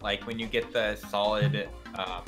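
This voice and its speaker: A woman's voice: a bass voice, fairly even intonation, unhurried, faint music behind. A young woman chatting casually and joking with friends during an online game. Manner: goofy, jokey banter. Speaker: gamer streaming with friends. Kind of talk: casual gaming chat.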